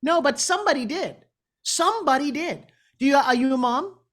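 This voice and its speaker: A middle-aged woman talking as a guest in an interview, animated and motivational, her pitch swinging up and down for emphasis. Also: moderate pace. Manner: lively, shifting pitch up and down for emphasis. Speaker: guest speaker.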